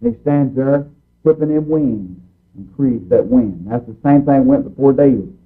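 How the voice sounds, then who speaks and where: A man's voice: mid-range voice, a little slow. A man preaching a fervent sermon in a folksy, emphatic way, repeating his points over and over. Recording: tinny phone-like recording.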